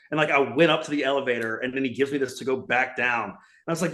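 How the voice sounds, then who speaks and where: A man's voice: medium pitch, steady tone, very fast, few pauses, fairly bright tone. Profane ranting man in a roomy echo. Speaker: podcast co-host. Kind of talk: casual sports chat.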